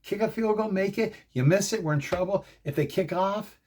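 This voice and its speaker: A middle-aged man hosting a fan show, telling a rambling, excitable story in casual commentary. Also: high voice, normal speed. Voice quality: gravelly, husky.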